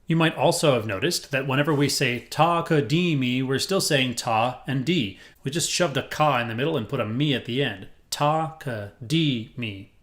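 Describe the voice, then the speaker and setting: In this rhythm lesson, a male music teacher counts aloud with headphones on, his mid-range voice fairly bright. He moves at a normal speed with hardly any pauses. His manner is cheerful, a bit corny, and supportive of the students.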